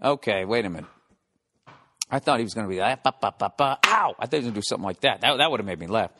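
A middle-aged podcast host rants from home in a casual monologue, with construction noise below. His fairly low voice races in a sing-song way with a sharp tone, full of profane, sarcastic asides and mocking put-on voices.

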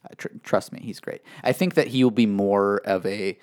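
A man with a fairly low voice talks through a casual podcast conversation. He explains at length in a chatty, filler-heavy way. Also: moderate pace, darkish tone, smooth. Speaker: podcast co-host. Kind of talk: casual wrestling chat.

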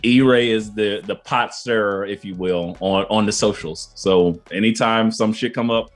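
A man co-hosting a casual chat, animated and swearing freely as he tells a story. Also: on the low side, normal speed, soft background music. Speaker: podcast co-host.

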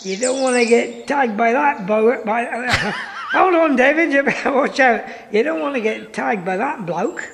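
A Scottish man doing a shouting mock-Aussie wildlife presenter. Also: extremely high pitch, animated, measured pace, creaky, in a large hall, background noise, pitched above the performer's own voice, exaggerated voice. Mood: excited. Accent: mock Australian. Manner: shouting, gushing, exclamatory. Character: brash excitable male Australian wildlife presenter.

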